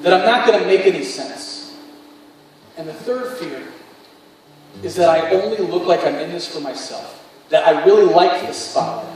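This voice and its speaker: High-voiced pastor in an echoing hall. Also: male voice. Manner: earnest, confessional storytelling. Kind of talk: sermon. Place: large church hall with music. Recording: echoey hall, mic far off.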